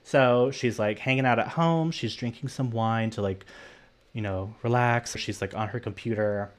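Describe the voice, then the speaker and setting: A young man with a medium-pitched voice talks at normal speed as a podcast co-host. He animatedly recaps a horror film, his retelling full of "like," and he performs the characters' lines as he goes.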